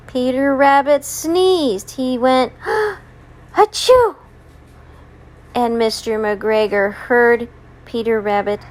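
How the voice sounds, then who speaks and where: A mother reading a children's story aloud in a gentle, expressive way. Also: on the high side.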